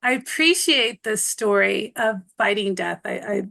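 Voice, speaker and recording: A woman's voice: medium pitch, animated, measured pace, creaky, pushed and bright. A woman from North America interviewing, thinking aloud and searching for words as she asks her question. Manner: reflective, searching for words, many restarts. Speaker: interviewer, co-host.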